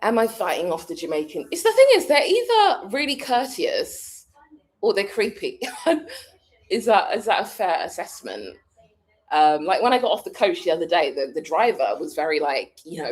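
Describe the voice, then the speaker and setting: Chatty British woman, lively pitch. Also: normal speed. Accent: British English. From United Kingdom. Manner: chatty, laughs often, thinks aloud. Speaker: vlogger answering a live chat. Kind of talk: casual chat.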